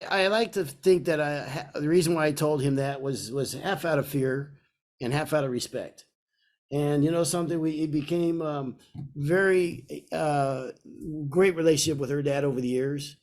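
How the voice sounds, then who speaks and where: A man in his sixties from Kentucky, co-hosting a podcast and telling a personal story in a casual, animated way. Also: on the high side, normal speed. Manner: animated storyteller, acts out voices in quotes. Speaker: podcast co-host.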